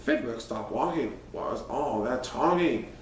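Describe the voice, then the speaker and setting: A man reads a rhyming picture book aloud in a playful, sing-song cadence. His voice sits at an ordinary pitch and sounds roomy, as if the mic is a few steps away, with a faint hum of ambience behind him. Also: expressive, unhurried, far from the mic. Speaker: storyteller in a cat costume persona.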